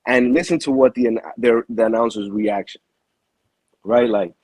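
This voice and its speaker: A boxing manager tells his story in loose, slangy talk and keeps restarting his sentences. His voice is husky. The sound is close and dry. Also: mid-range voice, moderate pace, no echo, poor audio. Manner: animated storyteller, heavy slang, frequent restarts. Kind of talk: casual interview storytelling.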